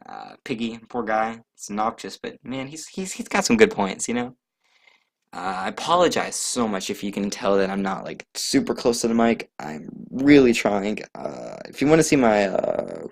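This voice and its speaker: Young man, gravelly, rambling solo podcast host, self-mocking, chatty filler. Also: fairly low pitch, expressive, moderate pace. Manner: rambling, jokey, self-deprecating; loose, chatty, trails off with many fillers. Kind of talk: casual solo podcast chat.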